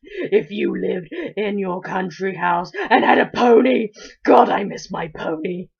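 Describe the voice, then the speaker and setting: A woman voicing a miserable young boy in a parody storybook reading, loud and whining on the edge of tears. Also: mid-range voice, measured pace, gravelly, husky. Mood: tearful. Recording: dull lo-fi recording.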